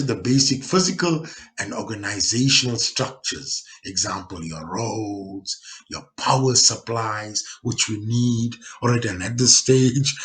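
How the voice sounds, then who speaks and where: A South African man teaching a geography lesson, who explains step by step, repeats points for emphasis and keeps checking that his learners follow. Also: medium pitch. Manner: explains step by step, with frequent tag questions to check understanding. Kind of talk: recorded classroom lesson.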